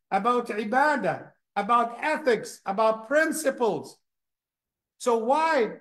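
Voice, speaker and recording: An imam giving a lesson at a mosque. He talks in a lively way, often repeats words, and acts out the people he describes. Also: high-pitched.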